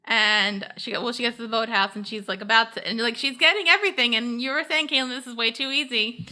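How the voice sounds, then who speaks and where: A young woman co-hosting a podcast, recapping a TV episode in a casual, chatty way with lots of "like" and quick acted-out quotes. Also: on the high side, pushed and bright. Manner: chatty, heavy use of "like", acts out characters' lines. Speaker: podcast co-host.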